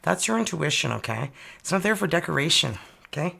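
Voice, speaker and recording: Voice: medium pitch, big pitch swings, a little fast, vocal fry, pushed and bright, breathy edge. A tarot reader from Canada giving a casual, chatty reading and exclaiming over each card as it turns up.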